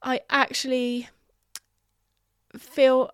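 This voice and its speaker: A middle-aged woman hosting a solo podcast, talking candidly and reflectively, halting with fillers and the odd swear word. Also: high-pitched, monotone, clean tone, dry recording, clean studio sound. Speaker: podcast host. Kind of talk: casual solo podcast monologue.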